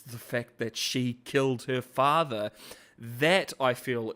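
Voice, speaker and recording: A man's voice: medium pitch, fairly bright tone, smooth. A man hosting a casual commentary vlog, rambling with slang, fillers and restarts. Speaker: host.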